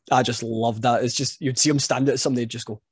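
A man's voice: mid-range voice, brisk, slightly rough, no room sound, clean studio sound. A man, a wrestling referee guest, telling stories in a casual chat and laughing at himself. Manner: animated storyteller, laughs at himself.

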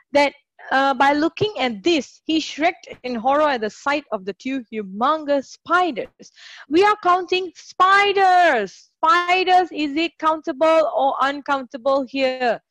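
A woman's voice: high-pitched, dry recording. A woman tutoring English in a live online class, chatty and encouraging, greeting students by name.

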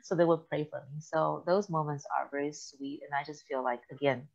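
A woman's voice: deep voice, fairly even intonation, fairly quick, creaky, darkish tone, dull audio. A woman co-hosting a church talk show, telling stories with laughter and acted quotes. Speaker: podcast co-host. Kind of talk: casual chat.

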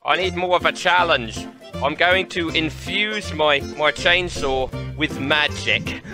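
A man giving playful commentary on a VR game, laughing often and yelling in the fights. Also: on the high side, slow, over loud music, rough recording. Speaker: gaming YouTuber. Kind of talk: VR gameplay commentary.

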